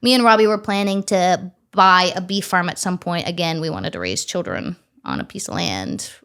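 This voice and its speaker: A woman's voice: on the low side, normal speed, clean tone. Chatty woman telling stories. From Ontario, Canada. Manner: animated, chatty, swears casually, acts out quoted dialogue. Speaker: farmer, interview guest. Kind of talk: casual storytelling interview.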